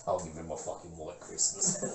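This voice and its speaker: A man's voice: sits high, vocal fry, distant mic. A man co-hosting a casual podcast, telling stories with lots of swearing and laughter. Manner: swears often, laughs through his stories. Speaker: podcast co-host. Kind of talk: casual chat. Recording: echoey room, voice off-mic.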